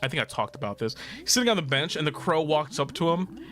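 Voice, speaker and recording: A man's voice: on the high side, lively intonation, fast talker, a bit bright. A man streaming a video game, chatting casually, laughing often and swearing freely. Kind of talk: casual gaming stream chat. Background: game music.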